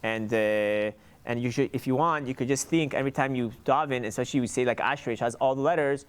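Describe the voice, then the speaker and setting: A man giving an informal lesson on Hebrew letter sounds, sounding them out slowly and often restarting his sentences. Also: medium pitch, smooth. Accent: Sephardic Hebrew pronunciation. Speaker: Hebrew reading teacher.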